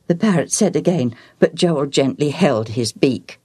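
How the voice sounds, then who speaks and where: A woman reading aloud a children's story as its storyteller, with warm, clear delivery. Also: low voice, animated, unhurried, no room sound, studio quality. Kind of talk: scripted narration of a children's story.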